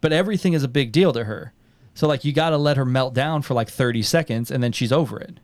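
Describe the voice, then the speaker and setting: A young man hosting a podcast in casual chat, who swears freely and tells animated stories with quoted voices. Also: mid-range voice, fast talker, no room sound. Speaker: podcast host.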